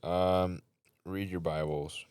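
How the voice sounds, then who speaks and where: Male co-host, very deep voice, dry close sound, earnest. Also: little pitch movement, takes it slowly, darkish tone, clear, resonant tone, dry recording. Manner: agreeable, says "right" often, earnest. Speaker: podcast co-host. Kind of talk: casual chat.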